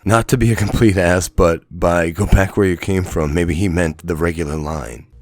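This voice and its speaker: A lower-voiced man reacts to a clip with blunt, profane skepticism. The recording is dry and close, with no room sound. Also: steady tone, moderate pace, dry recording. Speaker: YouTube commentator. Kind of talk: reaction commentary.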